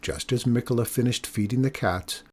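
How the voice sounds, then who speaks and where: Expressive male storybook reader. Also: medium pitch, normal speed. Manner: expressive, emphatic reading. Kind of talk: reading a children's storybook aloud.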